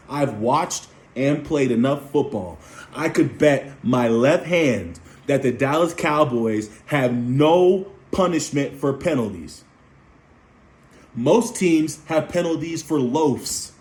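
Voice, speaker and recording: A man's voice: a little high, animated, slow, darkish tone. A young man and former player ranting as a fan about his team's penalties, repeating points with heat and emphasis. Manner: heated, repetitive, emphatic. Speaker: sports commentator. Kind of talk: fan sports rant. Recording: roomy echo.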